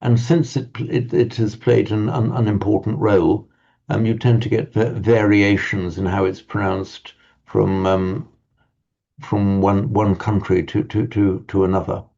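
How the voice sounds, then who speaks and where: A man teaching a Pali class, talking in a halting, thoughtful way with many restarts, on a dull lo-fi recording. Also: lowish voice, flat delivery, vocal fry, dark tone.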